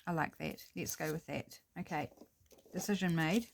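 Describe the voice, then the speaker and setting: This is a middle-aged woman with a New Zealand accent, talking to her viewers in a relaxed, chatty way while she crafts. Her voice sits fairly low for a woman. She muses aloud as she works, in an easy home-video manner. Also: normal speed, creaky. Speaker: crafting vlogger. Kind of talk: casual crafting narration.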